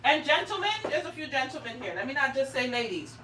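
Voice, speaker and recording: A middle-aged woman runs a craft livestream from her craft room at home, chatting casually while she works in a brash, bossy, profane, teasing manner. Her voice is high, animated and fast. She's away from the mic, so the sound is roomy and echoey with background noise.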